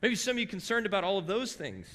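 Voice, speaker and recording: A man in his forties from Southern California preaching a sermon to a congregation, telling stories in a conversational, animated way and asking rhetorical questions. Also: sits high, fast talker, long reverb tail. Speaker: guest preacher. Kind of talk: sermon with personal storytelling. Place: church sanctuary.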